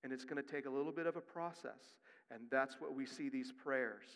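A male pastor preaching a sermon. He moves from quick, quiet asides to loud, rising emphasis. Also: medium pitch. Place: church sanctuary. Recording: long reverb of a church hall.

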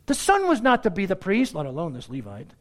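A man preaching a verse-by-verse sermon with sarcastic asides and rhetorical questions, swinging between loud exclaims and hushed asides. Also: high voice, wildly swooping pitch, fairly quick. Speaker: pastor. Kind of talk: expository sermon.

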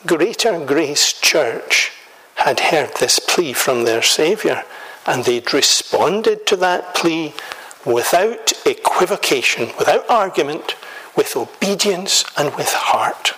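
A man from Scotland preaching a sermon in a measured, emphatic way, building rhetorical lists and questions. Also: on the high side, big pitch swings, a bit bright, slightly rough, low-quality recording.

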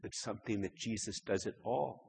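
A man's voice: lowish voice, fairly quick, vocal fry, a little mellow, a little hiss or hum. A man preaching a sermon in a conversational way, often repeating words and rising to emphatic stretches. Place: church. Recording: long hall reverb.

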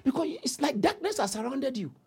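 High-voiced, fervent male preacher. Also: sing-song, fairly quick, breathy edge. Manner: fervent, impassioned preaching with bursts of tongues. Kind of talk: sermon.

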